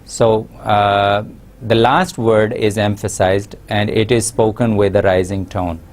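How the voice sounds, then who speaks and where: A man giving a recorded university lesson, explaining slowly with many pauses and fillers. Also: fairly low pitch, fairly even intonation. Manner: slow, explanatory, frequent uh fillers. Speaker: English lecturer.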